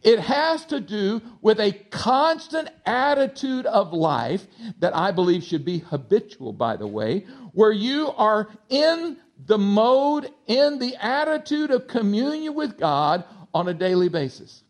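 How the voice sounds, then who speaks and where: A male pastor with a slight Texas twang preaching a sermon, swinging between loud exhortation and soft asides to the congregation. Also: sits high, expressive, measured pace.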